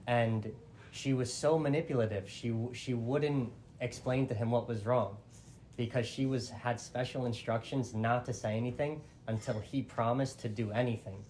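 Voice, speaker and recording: A man at an ordinary middle pitch retells an ancient epic as casual oral storytelling. He talks in a loose, chatty way, peppering his lines with fillers and restarts. A faint room hum sits behind him. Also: steady tone, normal speed, darkish tone.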